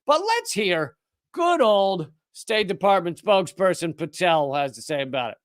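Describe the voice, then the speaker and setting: A man hosting a live political commentary show, talking in a sarcastic, rapid-fire way with frequent restarts. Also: high-pitched, lively intonation, no room sound. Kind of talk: live news commentary monologue.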